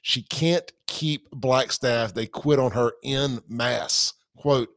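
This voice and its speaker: A man's voice: medium pitch, steady tone, unhurried, hardly any pauses, dry recording, studio quality. A man hosting a livestream, talking casually, reading out comments and quotes. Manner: casual, conversational, reads comments and quotes aloud. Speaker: podcast host.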